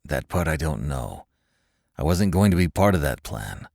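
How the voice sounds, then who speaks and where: A captured male agent answers in a deep, strained voice full of bitter reluctance, voiced by a male narrator. His tone is low and clipped. The sound is dry and close. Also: big pitch swings, normal speed, gravelly, a little mellow, no echo, full character voice. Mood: grudging.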